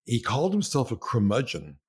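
A filmmaker talking in a casual conversation, animated and acting out quoted voices as he tells stories. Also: mid-range voice, fairly quick, breathy edge.

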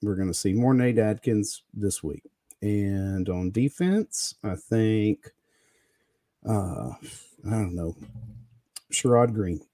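A man's voice: on the low side, slow pace, long pauses, dark tone, dry recording, clean studio sound. A man co-hosting a casual sports talk show, giving laid-back football analysis. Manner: laid-back, chuckles often.

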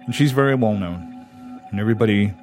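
Low voiced guy from hawaii telling a creepy true story, calm and dramatic, music playing under. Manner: measured, dramatic, conversational. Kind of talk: spoken storytelling.

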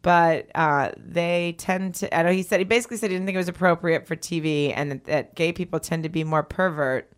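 A woman's voice: low voice, fast talker, few pauses. A woman co-hosting a podcast, chatting casually in a rambling, candid way and laughing often. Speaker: podcast co-host. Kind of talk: casual banter.

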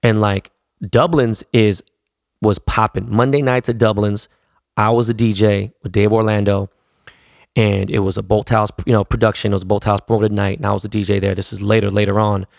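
A man's voice: fairly low pitch, level tone, fairly quick, gravelly, a little mellow, no echo, studio quality. A man in his forties casually telling long rambling stories, full of slang and swearing. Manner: profane, rambling, slangy storytelling. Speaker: podcast host telling stories. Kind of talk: casual storytelling.

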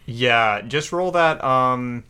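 A man narrating a tabletop game as game master, casual and halting as he describes the scene. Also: medium pitch, animated, bright, forceful tone, clear, resonant tone. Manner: casual, hesitant with fillers.

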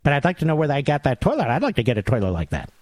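Man, talk radio host, mocking monologue, sarcastic, lively swooping pitch, dry close sound. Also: very fast, dry recording. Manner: sarcastic, mocking, theatrical swings in tone.

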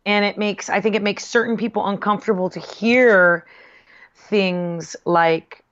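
A woman in casual conversation, speaking in a measured, thoughtful way with hesitant fillers. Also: medium pitch, fairly even intonation, fairly bright tone, dull audio. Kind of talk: casual chat.

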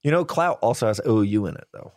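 A man in his thirties hosting a casual sports podcast, upbeat and joking with quick asides. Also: medium pitch, expressive, darkish tone, no room sound, studio quality. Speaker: podcast host.

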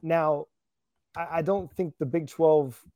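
A man's voice: fairly high pitch, steady tone, slow, warm tone, dry recording, clean studio sound. A man co-hosting a casual sports talk show, laid-back and self-deprecating.

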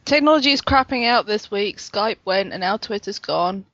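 A woman co-hosting a podcast in a relaxed, casual chat, laughing easily. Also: mid-range voice, normal speed, no echo, muffled recording. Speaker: podcast co-host.

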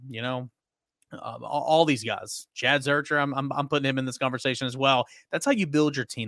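A man recaps a ball game in a casual reporter's voice, leaning into emphatic repetitions as he tells the story. His voice sits at a middle pitch and is recorded close and dry, with no room sound. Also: fairly bright tone, no echo. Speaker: sports reporter.

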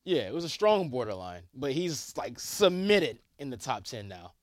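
A man co-hosting a sports talk show, reasoning through his points in a measured, agreeable way. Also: medium pitch, very animated, no echo, clean studio sound. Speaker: sports podcast co-host. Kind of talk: casual sports debate.

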